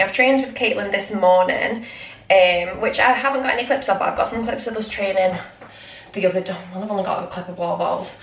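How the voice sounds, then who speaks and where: A woman's voice: mid-range voice, a bit bright, slight background noise. A young woman chatting in a casual vlog, rambling and scattered with lots of ums, shaky and out of breath. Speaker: vlogger. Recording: echoey room, mic at a distance.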